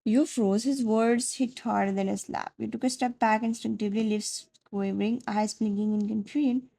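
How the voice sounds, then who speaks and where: A woman narrating a second-person fan fiction story, soft and dramatic in her delivery. Her voice has a dark, mellow colour and a steady gravelly creak. She keeps a smooth storytelling flow. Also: a little high, moderate pace, low-quality recording.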